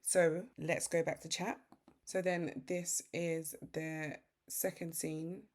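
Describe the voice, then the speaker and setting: A British woman hosting a software tutorial, casually explaining each step as she works through it on screen. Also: sits low, little pitch movement, slow pace. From Britain. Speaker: tutorial host.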